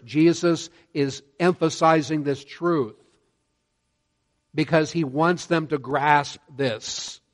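A man preaching a sermon, earnest and measured, slowing down to stress key words. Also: fairly high pitch. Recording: long hall reverb.

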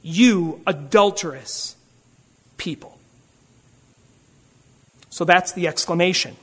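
A preacher working through a text in an expository sermon. The delivery is emphatic, slowing on rhetorical questions and punching single key words. Phrases often stumble into repeats and restarts before pressing on. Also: mid-range voice, husky. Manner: frequent word repeats and restarts.

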